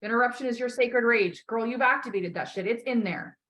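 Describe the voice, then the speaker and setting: Bright, emphatic woman coaching bluntly. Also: fairly high pitch, brisk. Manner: blunt, emphatic, swears often; encouraging, repeats key phrases. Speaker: life coach. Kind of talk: coaching call.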